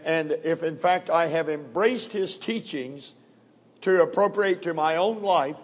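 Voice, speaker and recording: A middle-aged man preaching a sermon, reading scripture in a measured, deliberate way and leaning on key words. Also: on the high side. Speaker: pastor. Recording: long hall reverb.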